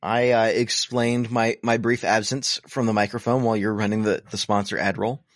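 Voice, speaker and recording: A man's voice: on the low side, flat delivery, normal speed, no room sound, clean studio sound. A man co-hosting a podcast in casual chat, rambling and self-deprecating with sarcastic humor. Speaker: podcast co-host.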